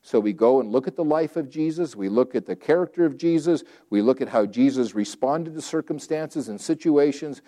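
A man's voice: medium pitch, lively intonation, a little fast, hardly any pauses, mellow. A man preaching a sermon in a conversational, folksy way, acting out quotes and repeating phrases for emphasis. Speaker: pastor.

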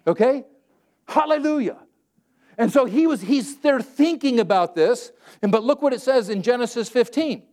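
High-voiced animated man preaching. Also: moderate pace. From Southern California. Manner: animated, conversational preaching with dramatized scripture quotes; plain, everyday wording. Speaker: pastor. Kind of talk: sermon.

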